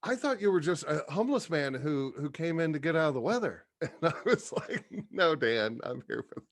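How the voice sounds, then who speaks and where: A man guesting on a podcast, telling stories in a profane, animated, casual way. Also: on the high side, normal speed, dry recording, studio quality. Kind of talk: casual storytelling chat.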